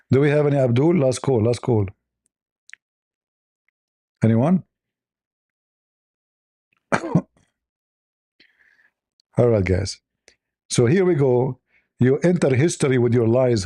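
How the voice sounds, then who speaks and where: Guy mocking stuff sarcastically, husky voice, dry close sound. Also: medium pitch, lively intonation, slow, long pauses, warm tone, dry recording. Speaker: livestream host. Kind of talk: mocking commentary.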